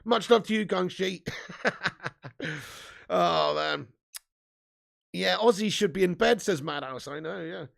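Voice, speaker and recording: A man hosts a live football fan stream in a high-sitting, gravelly voice, speaking slowly with long pauses. He chats casually with viewers, reads their comments, laughs a lot and swears freely.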